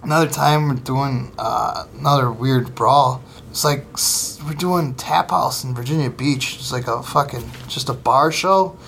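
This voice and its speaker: A man's voice: medium pitch, a little slow, vocal fry, slight background noise. A man, a comedian and former service member, telling stories in a casual chat, swearing constantly and acting out the people he quotes. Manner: profane, animated storyteller who acts out quotes. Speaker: comedian and podcast guest. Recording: roomy room, faint ambience.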